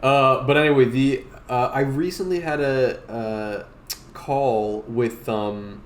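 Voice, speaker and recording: A man's voice: medium pitch, takes it slowly, echoey room. A man chatting casually on a stream while he draws, rambling with lots of fillers and restarts. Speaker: streamer artist. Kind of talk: casual chat while drawing.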